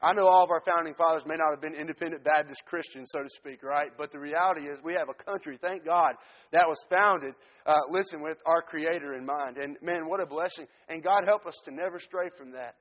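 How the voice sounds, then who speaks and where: Guy preaching his testimony, kinda high voice, big church echo. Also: fairly quick, a bit bright, dull audio. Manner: earnest storytelling, frequent restarts. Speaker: missionary preacher. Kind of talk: testimony sermon to a congregation. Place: church sanctuary. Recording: long church hall reverb.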